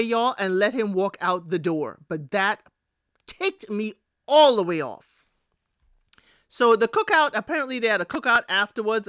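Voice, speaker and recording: A woman's voice: a little high, dry recording, studio quality. A woman, casually recapping a reality show for her listeners and talking straight to them. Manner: animated, chatty, addresses listeners as y'all. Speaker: recap podcast host.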